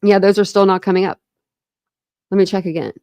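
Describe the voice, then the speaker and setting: A woman's voice: medium pitch, fairly even intonation, a little fast, dark tone, smooth, dry recording. A young woman from Ohio hosting a casual true crime livestream, rambling and chatty with lots of fillers and restarts. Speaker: true crime channel host. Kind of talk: casual livestream chat with viewers.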